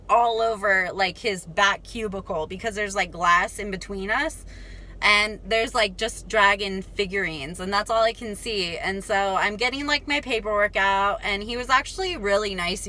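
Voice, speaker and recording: Chatty young woman with a bright voice. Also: mid-range voice. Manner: chatty, addresses viewers as "you guys", laughs often. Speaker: vlogger. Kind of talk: casual storytime vlog.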